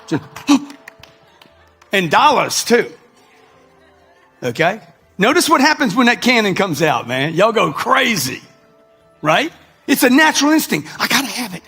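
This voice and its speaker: A man's voice: high-pitched, sing-song, measured pace, long pauses, sharp tone, slightly rough. A man, giving a brash motivational talk to a live audience and calling out to the crowd. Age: 60s. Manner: brash, preachy, addresses the crowd directly with slang. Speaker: motivational speaker. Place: large hall before a live audience. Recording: echoey hall with music underneath.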